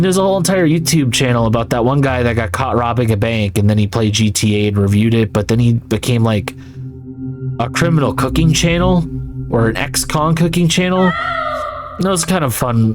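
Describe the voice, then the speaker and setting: A man's voice: mid-range voice, brisk, faint music behind. A man giving casual, rambling gameplay commentary, swearing often. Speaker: gaming YouTuber.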